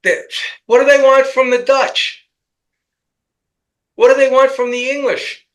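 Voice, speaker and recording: A man co-hosting a casual commentary chat, talking in a rambling, halting way with many restarts. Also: extremely high pitch, fairly even intonation, rough recording. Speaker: co-host.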